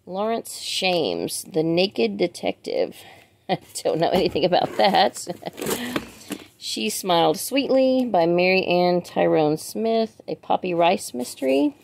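Unboxing books in a casual vlog chat, a woman speaks slowly in a fairly low, creaky, darkish voice with big pitch swings. She reads titles aloud and asks viewers, through chatty asides, how to pronounce them; slight background noise is audible.

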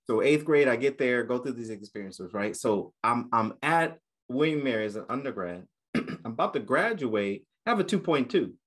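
A man's voice: mid-range voice, moderate pace. Middle-aged american guy telling stories on a podcast, laughs a lot, acts out voices. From United States. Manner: lively, laughs often, acts out quotes. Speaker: guest counselor educator. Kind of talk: casual podcast storytelling.

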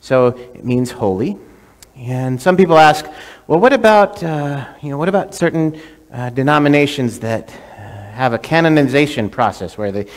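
Storytelling priest in a reverberant church. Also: male voice, mid-range voice, expressive, moderate pace. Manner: storytelling with many restarts and "right?" asides. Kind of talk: sermon. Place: church sanctuary.

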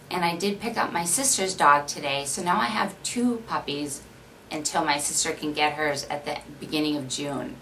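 A woman's voice: sits low, fairly bright tone, recorded from a distance, a little hiss or hum, poor audio. A woman from Minnesota with a Minnesota accent, chatting casually and rambling with lots of fillers in a home vlog. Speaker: beauty vlogger.

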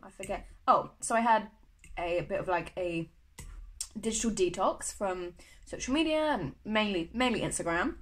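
A woman's voice: mid-range voice, a little hiss or hum, poor audio. Young uk woman vlogging, gushy chatty, lots of likes and ums. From United Kingdom. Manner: gushing, chatty, lots of fillers. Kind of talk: casual chat to camera.

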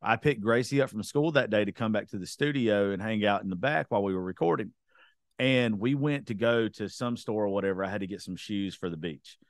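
A man's voice: lowish voice, a little fast, dry recording, studio quality. A man hosting a podcast, telling blunt, profane stories in casual chat. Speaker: podcast host.

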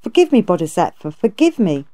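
A woman's voice: lowish voice, big pitch swings, fairly quick, dark tone. A woman reading aloud, voicing a gluttonous, boastful male pig monster who blusters and pleads. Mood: blustering.

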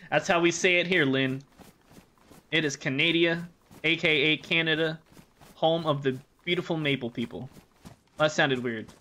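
Man, from the US, game streamer, casual live chat, joking, rambling, bright tense tone, slightly high voice. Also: a little slow, long pauses. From United States.

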